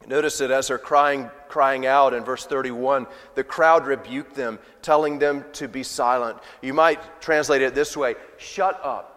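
A man preaching a sermon, swinging between loud emphatic passages and quiet, low asides. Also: steady tone, measured pace, few pauses. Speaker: pastor. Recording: long reverb of a large hall.

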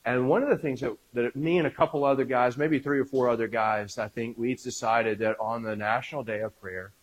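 A man's voice: medium pitch, steady tone, brisk, poor audio. A male pastor leading a prayer and then preaching a conversational sermon, with frequent fillers, restarts and personal stories. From Alabama, US.

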